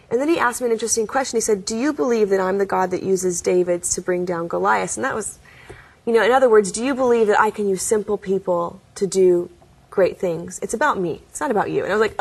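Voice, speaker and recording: Woman, interview guest, earnest testimony, soft laughs, mid-pitched voice. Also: brisk, vocal fry.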